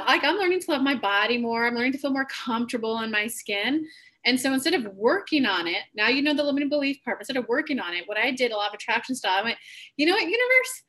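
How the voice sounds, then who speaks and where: Hosting a live reading stream, this woman speaks in a high-pitched voice that sounds pushed and bright. The talk is candid and casual, full of stories delivered with bubbly energy.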